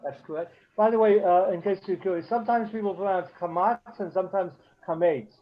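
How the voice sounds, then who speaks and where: Halting male teacher on a video call. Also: sits high. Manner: halting, many fillers and restarts. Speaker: Hebrew teacher. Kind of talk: online beginner class. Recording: dull lo-fi call audio.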